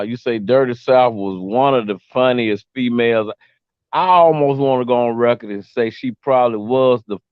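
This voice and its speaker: A man co-hosting a casual chat, talking in an earnest, measured way. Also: mid-range voice, smooth, no echo. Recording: dry, dull lo-fi audio.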